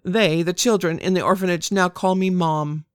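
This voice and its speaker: A woman's voice: fairly low pitch, steady tone, normal speed, clean tone, dry recording, studio quality. An older woman hosting a devotional podcast, talking in an earnest, encouraging way. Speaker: podcast host.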